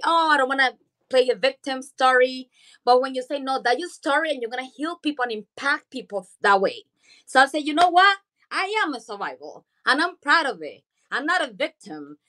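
A woman's voice: on the high side, a bit bright. A woman speaking in a heartfelt, emotional, grateful way to an online audio room.

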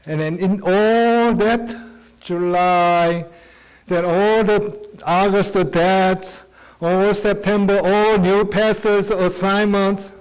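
Male pastor, English speaker, slow earnest conversational sermon, voice a bit high. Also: fairly even intonation, clean tone, low-quality recording.

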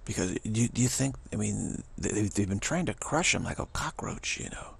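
A man giving rambling spiritual commentary, chuckling and halting with many restarts. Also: fairly low pitch, expressive, vocal fry, breathy edge.

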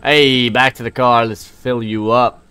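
A man giving casual let's play commentary, excitable, swearing and joking as he plays. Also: mid-range voice, a little slow, clean tone, dry recording. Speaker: gamer playing through a game.

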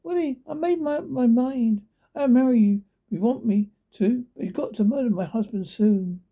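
A man's voice: extremely high pitch, moderate pace, phone-quality sound, pitched above the performer's own voice. A man reading a storybook, voicing a scheming rich woman who gives clipped, coolly commanding orders.

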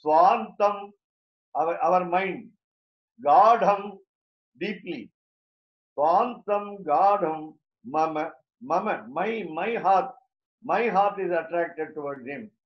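A man's voice: high-pitched, expressive, slow pace, pauses often. A man giving a scripture lecture, explaining Sanskrit terms word by word with fillers and restarts. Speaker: religious teacher. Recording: muffled lo-fi recording.

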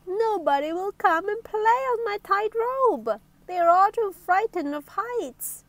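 A woman's voice: high voice, slow, no echo. A woman voicing a lonely little girl acrobat from a storybook, who pleads through sobs for someone to play with her. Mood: lonely pleading. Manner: sobbing, pleading.

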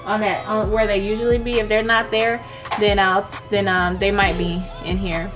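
A woman's voice: medium pitch, level tone, moderate pace. Chatty woman vlogging, music behind. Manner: chatty, laid-back, keeps addressing viewers. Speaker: vlogger talking to viewers. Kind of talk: casual vlog chat. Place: home kitchen, indoors. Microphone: handheld camera.

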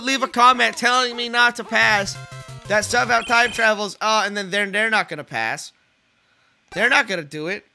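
A man giving casual, rambling commentary while playing a football video game, swearing and yelling at the screen. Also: sits high, normal speed, gravelly, faint music behind. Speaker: let's play host.

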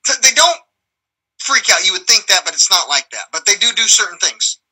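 A man's voice: high voice, very animated, fairly quick, husky, poor audio. A man telling rambling, profane stories in a casual live conversation, often acting out other people's voices. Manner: acts out quoted voices loudly.

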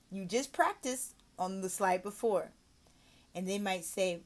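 A woman's voice: mid-range voice, animated. A woman giving a mock online English lesson, switching between explaining to viewers and a sing-song voice modeling praise and phrases for young learners. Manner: slow, drawn-out model phrases. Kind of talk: mock teaching demo with explanation.

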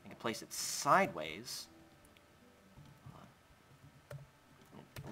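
A man's voice: lowish voice, animated, slow, sharp tone, a little hiss or hum. A young man hosting a Minecraft let's play, chatting casually as he builds and talking to his in-game pet. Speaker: gaming channel host.

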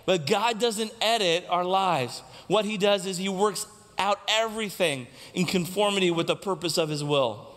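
A man's voice: sits high, a bit bright. A male pastor preaching a sermon, asking the congregation questions and repeating key lines for emphasis. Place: church sanctuary. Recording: long reverb of a church hall.

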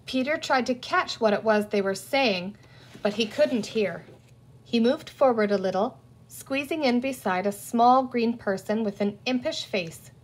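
A woman reading a children's storybook aloud in a clear, deliberate manner. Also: on the high side. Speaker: audiobook reader. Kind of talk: storybook narration read aloud.

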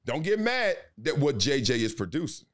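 A man speaking as a guest in a casual interview, animated and emphatic, with a slangy way of talking. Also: mid-range voice, moderate pace. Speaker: podcast guest, sports commentator.

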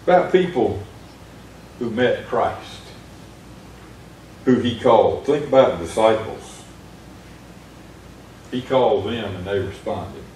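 A man's voice: lowish voice, lively intonation, slow, pauses often, a little mellow, a little hiss or hum. A man preaching an earnest sermon in a small church, retelling Bible stories with rising emphasis. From United States. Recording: echoey church room from far off.

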